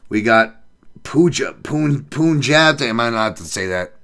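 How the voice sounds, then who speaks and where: A man's voice: medium pitch, expressive, normal speed, fairly bright tone. A male podcast host giving casual betting picks and reading chat, with profane, joking, rambling banter. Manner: reads odds and chat comments aloud.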